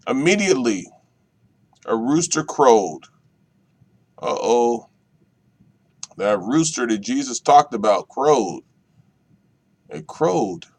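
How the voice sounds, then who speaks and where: A minister reading scripture aloud and explaining it verse by verse, with slow, deliberate delivery and repeated key phrases. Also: male voice, mid-range voice. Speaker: minister leading Bible study.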